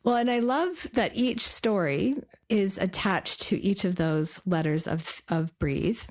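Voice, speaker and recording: A woman's voice: mid-range voice, unhurried. A woman hosting a podcast interview, asking her guest questions in an appreciative way. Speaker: podcast host.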